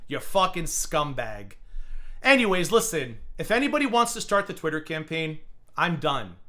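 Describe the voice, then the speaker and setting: Man ranting with a forceful, bright voice. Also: a little high, big pitch swings, normal speed. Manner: profane, insulting, taunting. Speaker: livestream host. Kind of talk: livestream reaction rant.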